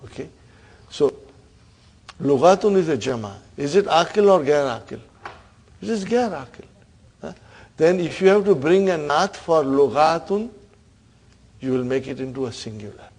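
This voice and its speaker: Gravelly man teaching Arabic grammar. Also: on the high side, lively intonation, moderate pace, long pauses, darkish tone. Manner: quizzing students, repeating terms, frequent "huh?". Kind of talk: classroom lesson.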